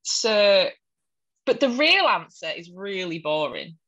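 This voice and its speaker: A woman's voice: medium pitch, very animated, slow pace, fairly bright tone, dull audio. A young woman from Hull with a Hull accent, chatting casually and laughing often with wry humour. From Hull, England. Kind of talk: casual chat.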